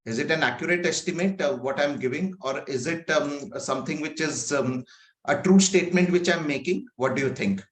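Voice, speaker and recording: A man's voice: fairly high pitch, fairly quick, reverberant. A man from India, an agile coach, leading an online training session in a conversational way, with many fillers and rhetorical questions. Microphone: video call.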